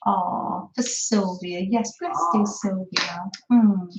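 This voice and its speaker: A woman hosting a chatty craft livestream by the seaside, gentle and affectionate as she greets viewers by name. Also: mid-range voice, steady tone, takes it slowly. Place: by the seaside, away from her desk. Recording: roomy, dull lo-fi sound.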